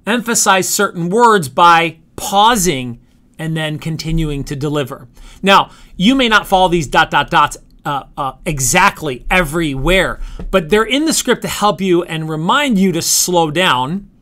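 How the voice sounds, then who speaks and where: A man coaching real estate agents on calling scripts, talking emphatically with deliberate pauses and reading script lines aloud. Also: a little high, animated, sharp tone. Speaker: sales coach. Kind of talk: coaching talk on cold-call scripts.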